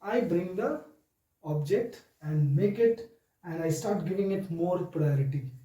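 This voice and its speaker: A man teaching a grammar lesson to children, speaking slowly and deliberately and often addressing them directly. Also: high voice, expressive, dark tone, roomy sound, distant mic, poor audio.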